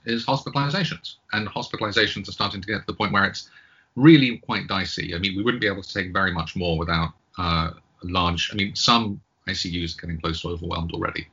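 British man with a mid-atlantic lilt, very low voice, bright tone, dull lo-fi audio. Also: breathy edge. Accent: British with some American. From Britain. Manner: hesitant, many ums and restarts. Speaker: guest epidemiologist. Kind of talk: casual interview talk.

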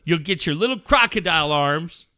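A man hosting a sports talk radio show, ranting loudly and bluntly with lots of swearing and mocking asides. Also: on the high side, lively intonation, normal speed, smooth. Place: radio studio.

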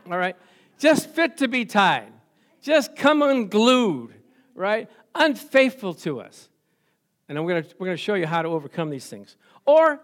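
A middle-aged man preaches in a church, with a voice that sits notably high for a man. He keeps the tone conversational, acts out quoted voices and chuckles often. He keeps calling on the congregation for amens. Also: fairly bright tone. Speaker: pastor. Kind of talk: sermon.

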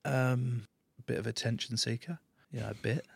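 A man's voice: medium pitch, steady tone, moderate pace, creaky, slightly rough, no echo. Dry, easygoing English man chatting. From England. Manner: laid-back, swearing, joking storyteller. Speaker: interview guest. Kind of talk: casual interview chat.

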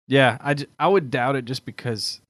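A man's voice: mid-range voice, moderate pace, a bit bright, dry recording. A man co-hosting a podcast in casual, easygoing chat. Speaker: podcast co-host.

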